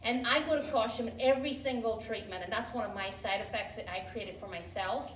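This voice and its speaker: A woman's voice: fairly high pitch, fairly quick, fairly bright tone, slight background noise. A woman telling her own story to a workshop in a funny, profane way, often laughing, recorded from a distance in an echoey room with background ambience. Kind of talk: comedic personal storytelling.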